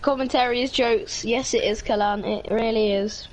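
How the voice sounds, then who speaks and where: A woman co-commentating a sim race live, excitable, cheering drivers on and gasping at close finishes. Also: a little high, moderate pace.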